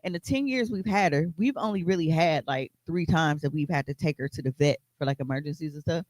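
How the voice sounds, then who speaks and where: A man's voice: on the high side, fairly quick, no room sound. A man co-hosting a podcast, telling a story in a loose, casual way, with lots of fillers and swearing. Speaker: podcast co-host.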